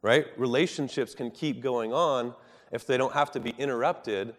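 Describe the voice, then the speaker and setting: Earnest preaching man in a reverberant hall. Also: mid-range voice. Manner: earnest, measured preaching with emphatic rises and soft drops. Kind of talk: sermon.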